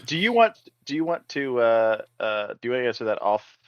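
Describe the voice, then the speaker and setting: A man's voice: medium pitch, very animated, fairly quick, smooth, no room sound, highs cut off. A man co-hosting a stream, bantering casually and stumbling over his words. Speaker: co-host.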